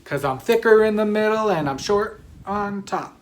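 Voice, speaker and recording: A woman's voice: medium pitch, expressive, normal speed. A sleepy woman hosts her knitting show in loose, rambling chat. She drifts between thoughts, yawns, and keeps apologizing for it. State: sleepy, yawning. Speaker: knitting podcast host. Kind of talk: casual chat.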